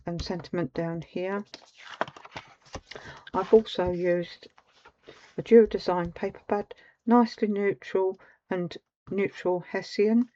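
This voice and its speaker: A woman talks slowly through a craft demonstration, rambling with frequent ums. Her voice is soft and mellow. The recording sounds a little muffled, with a faint background hiss. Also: fairly low pitch. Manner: chatty, rambling, with many ums. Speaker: craft tutorial host. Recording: slightly dull home recording.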